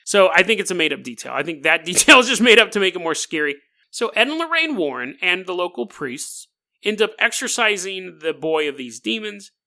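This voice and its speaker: Sarcastic high-voiced male podcast host. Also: sing-song, brisk, bright, forceful tone. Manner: sarcastic, joking, laughs often. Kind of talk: comedic storytelling podcast.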